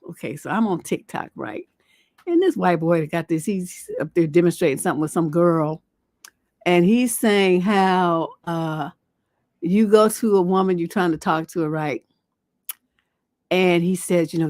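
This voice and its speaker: A woman's voice: medium pitch, dry recording. A middle-aged woman relationship coach giving blunt, profane advice on a livestream, acting out retorts as she tells stories. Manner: blunt, profane, animated storytelling with acted-out retorts.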